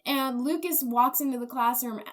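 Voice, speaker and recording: A woman's voice: high-pitched, normal speed, a bit bright. A woman co-hosting a podcast, casually retelling a movie's plot and acting out the characters' lines. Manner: chatty, acts out characters' lines. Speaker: podcast co-host.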